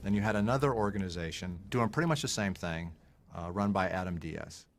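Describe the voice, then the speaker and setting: Very deep-voiced measured man. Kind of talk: explanatory interview. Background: music.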